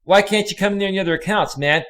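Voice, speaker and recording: Rapid-fire and high-pitched, with a fairly bright tone, this male streamer launches into an angry rant. He swears constantly and speaks to chat viewers directly by name.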